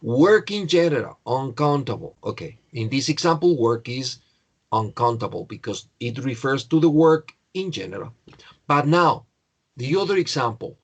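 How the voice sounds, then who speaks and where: Slow, patient man teaching grammar. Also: medium pitch. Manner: slow, patient explaining with repetition. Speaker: English teacher.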